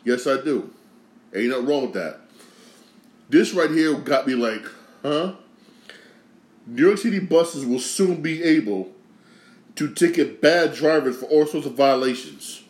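A man from Connecticut hosting a podcast, ranting casually with slang and a lot of repetition, swinging from loud outrage to low grumbling. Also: animated, unhurried, long pauses, reverberant. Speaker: podcast host. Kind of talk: casual sports rant.

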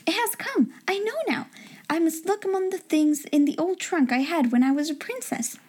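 A woman's voice: high voice, animated, normal speed, dark tone, breathy edge. A woman reading aloud and voicing an imaginative young girl who speaks eagerly and with wonder.

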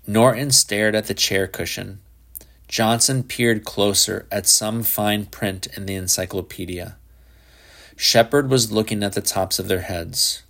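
A man reading a short story aloud in a measured, even storytelling manner. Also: fairly low pitch. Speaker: audiobook reader. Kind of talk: scripted narration of a short story.

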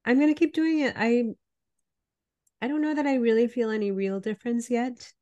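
Her voice is a little high and steady, moderately paced and mellow, with the highs cut off. She's a health coach co-hosting a podcast while under the weather, her cold leaving her stuffy and nasal as she chats casually and a bit apologetically.

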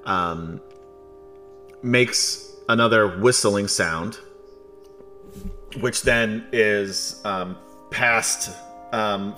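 A man, narrating a tabletop game as game master in a relaxed storytelling way, with many ums and joking asides. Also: fairly low pitch. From New York.

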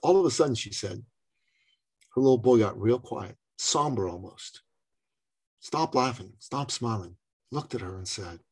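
A middle-aged man from Canada telling a personal story in conversation, animated and acting out the voices of others. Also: mid-range voice, a little slow, pauses often, breathy edge. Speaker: speaker and business coach.

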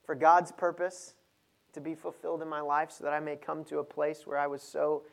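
A man preaching a sermon, moving from low, measured reading to loud, emphatic stretches. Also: level tone, vocal fry.

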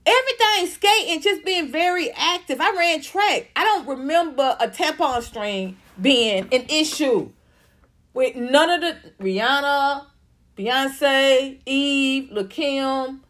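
A woman's voice: high voice, animated, takes it slowly, a bit bright. A woman ranting bluntly and sarcastically as she comments on celebrity gossip.

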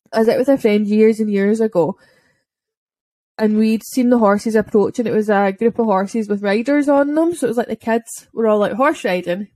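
A woman's voice: medium pitch, darkish tone, no room sound. A woman telling a dog-walking story in a casual podcast chat, chatty and full of "like" fillers. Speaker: dog owner and podcast speaker.

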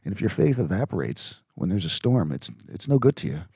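A middle-aged man hosting a reflective faith podcast, speaking earnestly and haltingly with many fillers. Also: sits low, sing-song, gravelly, darkish tone, husky, no echo, studio quality. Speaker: podcast host.

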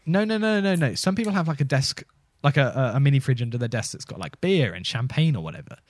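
A man co-hosting a comedy podcast, offering absurd explanations with a deadpan delivery. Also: mid-range voice, quick pace. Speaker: podcast co-host. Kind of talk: casual comedic chat.

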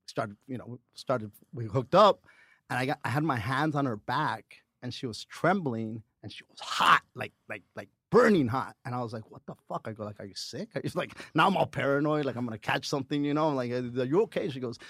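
A man's voice: medium pitch, a little fast, husky, dry recording, clean studio sound. A middle-aged man, a comedian guest, telling profane stories in casual podcast chat and acting out the quotes. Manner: profane, animated storytelling with acted-out quotes.

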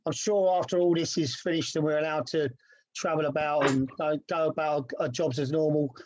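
A man's voice: fairly high pitch, steady tone, moderate pace, darkish tone, a little hiss or hum. A man from England hosting, thanking a guest modestly and signing off in casual chat. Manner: modest, laughing, says cheers mate. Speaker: host. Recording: slightly dull lo-fi sound.

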